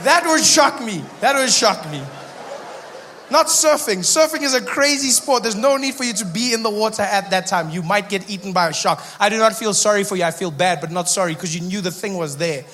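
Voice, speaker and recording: Animated comedian, bright voice. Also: male voice, sits high, a little fast, a little hiss or hum. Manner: animated storytelling, acting out voices. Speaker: stand-up comedian. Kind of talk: stand-up comedy.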